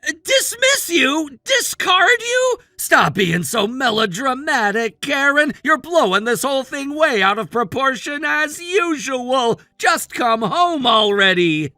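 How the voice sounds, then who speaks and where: Exasperated middle-aged husband, man voicing, scolding, very high and sharp voice. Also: lively intonation, a little slow, few pauses, dry recording, studio quality, soft background music, heavily acted. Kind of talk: text-message story voice acting.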